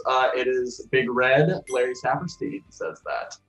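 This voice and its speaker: A man in his twenties answering trivia questions in casual chat, thinking out loud with a self-deprecating manner. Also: medium pitch, a little slow, few pauses, dull audio, faint music behind.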